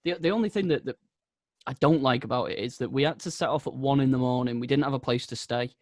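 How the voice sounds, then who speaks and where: A male podcast host with an ordinary mid-range voice chats casually with his guest. He talks in a relaxed, hesitant way. The recording is dry and close. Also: mid-range voice, quick pace, no room sound. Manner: relaxed, hesitant, with short backchannels.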